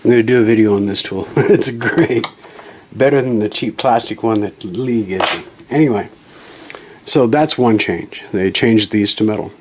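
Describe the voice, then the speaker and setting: At his home reloading bench, a man with a fairly low, slightly mellow voice demonstrates a reloading tool at normal speed for his channel, with slight background noise. His folksy, rambling talk is full of self-corrections and apologetic asides, and the camera mic starts handheld before going on a tripod.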